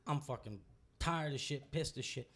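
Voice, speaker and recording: A young man, a guest comedian telling a loose, profane story while high. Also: moderate pace, fairly bright tone. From Louisiana. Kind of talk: casual storytelling.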